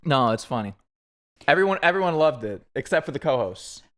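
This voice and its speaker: A man's voice: medium pitch, big pitch swings, brisk, fairly bright tone. Chatty guy streaming a game. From United States. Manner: rambling and chatty, with frequent restarts and laughs. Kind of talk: casual chat while playing a game.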